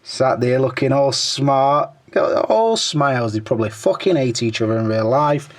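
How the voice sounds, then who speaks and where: A man's voice: mid-range voice, moderate pace. A middle-aged man hosting his own toy review channel, reading viewer comments in a casual chat. He jokes crudely, swears a lot and mutters under his breath while scrolling.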